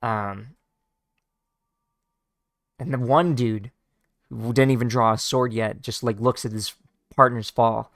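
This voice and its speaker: Gravelly man reading a comic aloud. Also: mid-range voice, fairly even intonation, a bit bright, no room sound, studio quality. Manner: informal, halting, describes panels with fillers. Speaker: read-along narrator. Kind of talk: casual read-along of a comic.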